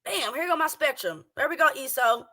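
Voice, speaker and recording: A high, bright woman's voice, ranting brashly and cursing as she reacts to a clip. She talks in loud bursts, then drops low and quiet. It is a casual commentary voice, recorded at home. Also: expressive, a little fast. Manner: brash, profane, heated ranting. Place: home, a townhouse. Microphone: streaming setup with speakers playing a clip.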